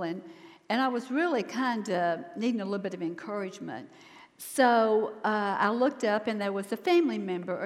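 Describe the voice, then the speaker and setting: An older woman sharing an earnest, emotional personal testimony in a church setting. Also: medium pitch. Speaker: minister's wife sharing testimony. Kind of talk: sermon testimony. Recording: long hall reverb.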